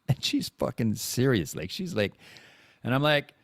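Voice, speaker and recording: A man's voice: a little high, wildly swooping pitch, moderate pace, no echo, clean studio sound. A man in his forties hosting a podcast, talking in a rambling, candid and self-deprecating way, full of profanity and restarts. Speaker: podcast host. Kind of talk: casual confessional monologue.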